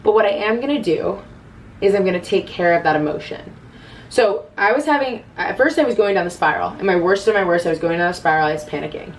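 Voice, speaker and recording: A woman's voice: medium pitch, fast, distant mic, a little hiss or hum, rough recording. A woman in her twenties giving casual self-love advice to camera, earnest and chatty, often quoting her own inner voice.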